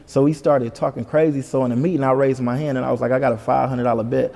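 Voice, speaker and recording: A man's voice: medium pitch, little pitch movement, fast talker, gravelly, warm tone, long reverb tail. A man from Detroit, a guest telling a story in casual chat, who acts out the other people's lines as he goes.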